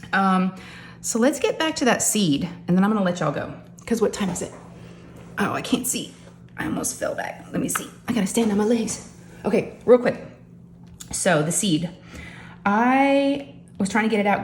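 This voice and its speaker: A middle-aged woman chatting casually as a crafting vlogger, animated and talking straight to her viewers. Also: mid-range voice, slight background noise. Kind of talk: casual storytelling chat. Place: home craft room. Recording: echoey room with faint ambience.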